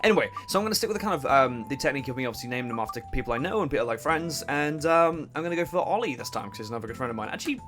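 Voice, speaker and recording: A young man giving casual, swearing, laughing commentary on a game he plays, and he keeps clearing his throat. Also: medium pitch, lively intonation, rapid-fire, hardly any pauses, fairly bright tone, soft background music. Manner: chatty, swearing, laughs a lot, self-interrupting. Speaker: let's play host.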